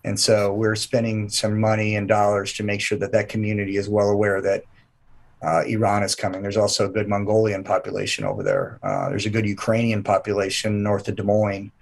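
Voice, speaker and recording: A man's voice: on the low side, a little fast, gravelly. A man guesting on an interview, talking with enthusiasm in long run-on sentences. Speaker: event promoter guest. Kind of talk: casual interview chat.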